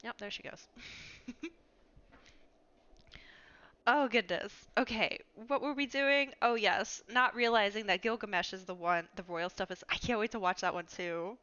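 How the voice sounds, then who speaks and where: A woman's voice: mid-range voice, measured pace, pauses often, pushed and bright, clear, resonant tone, muffled recording. A woman streaming a game from home, chatting casually, laughing often and talking to her cat. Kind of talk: casual chat while playing a game.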